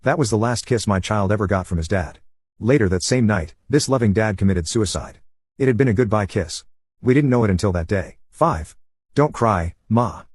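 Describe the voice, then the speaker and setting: A man narrating online stories in an even, unhurried reading voice. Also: lowish voice, breathy edge, no echo, clean studio sound.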